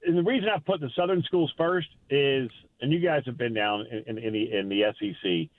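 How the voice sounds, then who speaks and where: A man's voice: mid-range voice, brisk, no echo. A man, a college football reporter calling into a sports radio show, talking in an emphatic, folksy way and often repeating words as he goes. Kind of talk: casual sports radio chat. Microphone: phone line. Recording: phone-line call-in audio.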